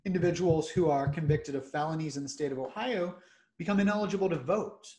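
A man hosting a podcast, explaining legal matters in measured, methodical lists. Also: fairly high pitch, darkish tone. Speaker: criminal defense attorney host.

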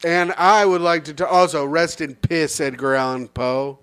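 A man with a slightly raised pitch rants his way through comedic banter. He is brash and profane, swearing freely while mocking his targets. His jokes land as loud, over-the-top outbursts. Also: steady tone, normal speed, clean tone. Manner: brash, profane, mock-ranting. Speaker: podcast co-host.

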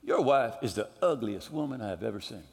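A man's voice: mid-range voice, expressive, a little fast, vocal fry, a little mellow, voice pushed down. A man voicing a cheeky talking parrot that taunts a customer. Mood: taunting. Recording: echoey hall reverb.

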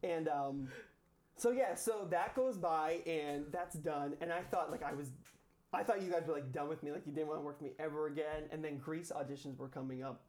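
A man's voice: on the high side, a little fast, darkish tone. Young guy telling a story on a talk show, chatty, says like a lot, trips over words. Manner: chatty, lots of "like" and restarts, laughs often. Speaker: former cast member, guest. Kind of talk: casual storytelling chat.

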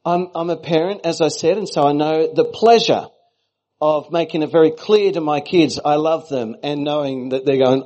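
A man's voice: on the high side, moderate pace, mellow, rough recording. A middle-aged Australian man giving a sermon as a guest preacher, with playful, chatty asides to the congregation.

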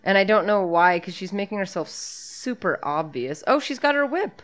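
A woman's voice: medium pitch, big pitch swings, normal speed. A woman co-hosting a podcast, chatting casually and laughing as she talks through a movie. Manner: chatty, laughs often, profane. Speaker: podcast co-host. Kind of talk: casual movie commentary chat.

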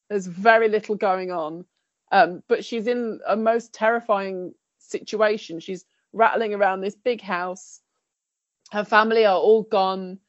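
A woman's voice: mid-range voice, no room sound, dull audio. A woman giving a wry, jokey take on TV shows as a podcast panelist. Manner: wry, jokey, laughs between remarks. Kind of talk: casual review chat.

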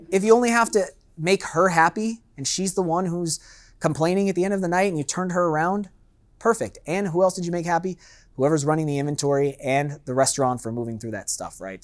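A man, a master sommelier, giving a loose, conversational seminar to a live audience and acting out customers' lines. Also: fairly high pitch. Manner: loose and chatty with fillers and asides.

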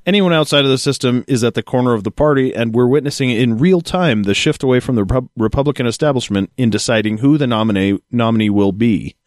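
A man's voice: medium pitch, fast, few pauses, no room sound. Male podcast co-host, reads the news then jokes, laughs a lot, dry close sound. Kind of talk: casual podcast chat reading articles aloud.

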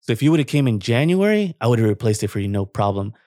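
A man's voice: medium pitch, fast talker, dry recording, clean studio sound. Profane man ranting about a phone. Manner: profane, animated, laughs often. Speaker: podcast co-host. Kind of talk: casual ranting storytelling.

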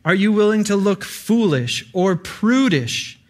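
A man's voice: high-pitched, animated, a little slow. Earnest man preaching a casual sermon. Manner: earnest, conversational preaching with fillers.

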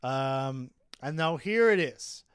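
A man's voice: medium pitch, slow pace, clean tone, no room sound, clean studio sound. A man co-hosting a casual book discussion, reading passages aloud and riffing on them with frequent laughter. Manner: animated, laughs often, reads passages aloud then riffs. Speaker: podcast co-host discussing a novel.

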